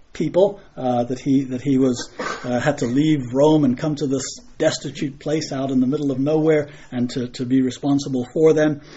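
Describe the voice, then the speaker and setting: A man's voice: medium pitch, warm tone, breathy edge. A man preaching a sermon in an earnest way, often restarting and repeating phrases. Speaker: pastor. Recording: muffled lo-fi recording.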